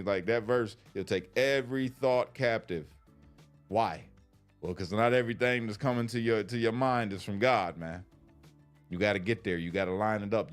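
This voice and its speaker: A man giving a casual preaching livestream, slangy and conversational, repeating his points and laughing often. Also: mid-range voice. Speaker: faith livestreamer.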